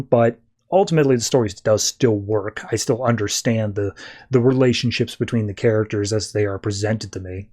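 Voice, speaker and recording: A man's voice: medium pitch, mellow. A man hosting a podcast, retelling a comic book issue in casual chat and paraphrasing the characters as he goes. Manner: retells scenes in a quick paraphrase full of "he's like" quotes. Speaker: podcast host.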